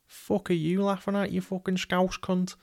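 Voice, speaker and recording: A man's voice: high voice, completely flat delivery, normal speed, gravelly, darkish tone, voice pushed up. A man putting on the voice of an aggressive young lad from Manchester, with a Manchester accent and a snarling, confrontational manner. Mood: hostile. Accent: Manchester, put on.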